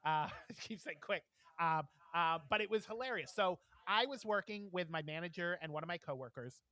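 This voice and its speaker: A man co-hosting a podcast, telling stories with lively acted-out quotes and frequent laughs. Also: high voice, fairly quick. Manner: animated storyteller, acts out quotes, laughs often. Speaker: podcast co-host. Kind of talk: casual chat, storytelling.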